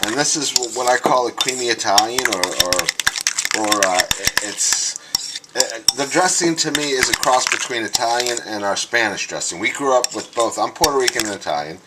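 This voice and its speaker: A man of medium pitch, expressive and at a normal speed, cooks a home recipe on camera and talks through it. Chatty and prone to restarting, he calls his viewers "guys"; the kitchen recording is noisy with clattering dishes, cutlery and stirring.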